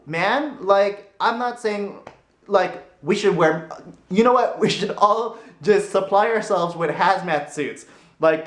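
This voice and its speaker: Rambling vlogger man in echoey room. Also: high-pitched. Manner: rambling, animated, laughs easily. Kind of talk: casual opinion vlog.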